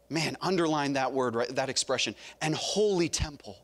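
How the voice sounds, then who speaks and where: A Southern-accented man preaches a sermon in a church sanctuary at a moderate pace, with lively intonation and hardly any pauses. As pastor he asks the congregation questions, names individual members, and rises to loud calls before dropping low.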